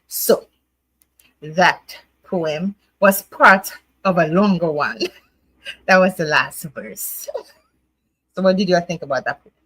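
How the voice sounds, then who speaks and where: A woman's voice: on the low side, slow, long pauses, fairly bright tone, breathy edge, no echo, poor audio. A woman hosting a casual poetry night livestream, chatting and laughing, coaxing viewers to join, then reading her own poem. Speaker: livestream host.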